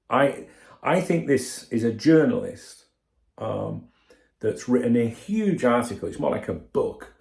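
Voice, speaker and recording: A man's voice: medium pitch, gravelly, a little mellow, echoey room. A man hosting a football channel, giving a blunt, sweary opinion rant straight to his viewers. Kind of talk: casual opinion commentary.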